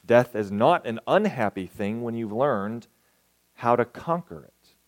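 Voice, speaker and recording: A man voicing a sly, flattering tempter serpent from a play, reading its lines calmly. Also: medium pitch, unhurried, lightly acted. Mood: coaxing.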